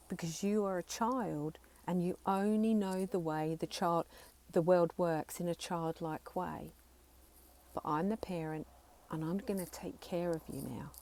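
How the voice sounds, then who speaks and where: A woman therapist guiding an inner-child exercise, speaking softly and slowly when she voices the script and more briskly when she explains. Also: lowish voice. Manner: soft, slow and soothing when speaking the script, livelier when explaining.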